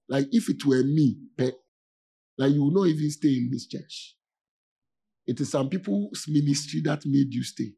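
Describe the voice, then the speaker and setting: Warm, creaky, and edged with breath, the man's medium-pitched voice carries an informal sermon. As a pastor, he frequently stops to ask whether people see his point, punctuating the talk with laughs and pauses.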